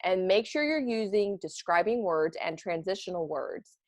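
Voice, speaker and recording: Female teacher, children's lesson, animated with bursts of excitement, mid pitch, dry close sound. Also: moderate pace, no echo. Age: adult, parent of children. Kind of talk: read-aloud lesson for children.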